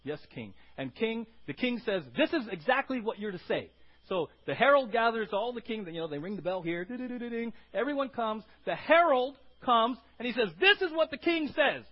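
Male pastor, high husky voice, lively preaching to a congregation. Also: fairly quick, dull audio. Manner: animated preaching, asks the congregation questions. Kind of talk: sermon. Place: church sanctuary.

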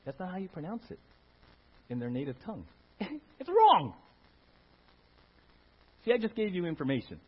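A man preaching a sermon in church, talking in an animated way, rising to loud emphatic bursts and putting questions to the congregation. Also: sits high, normal speed, pauses often, husky. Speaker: pastor. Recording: dull lo-fi sound.

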